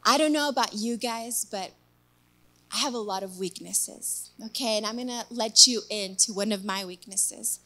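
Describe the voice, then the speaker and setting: A woman preaching a sermon, telling a personal story in a lively, chatty way and checking in with listeners. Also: fairly high pitch, moderate pace. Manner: animated, chatty, asks the crowd with "okay?" and "guys".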